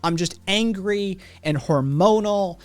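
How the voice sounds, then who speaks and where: A man's voice: high voice, slow, faint music behind. A man hosting a livestream, telling a rambling, profane story to his chat with lots of "right?" asides. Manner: rambling, heavy swearing, frequent "right?" asides. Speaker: livestream host.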